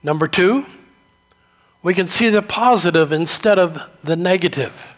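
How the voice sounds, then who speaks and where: A man preaching a sermon, telling stories slowly and deliberately. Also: sits high. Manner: slow, deliberate storytelling delivery. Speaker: pastor.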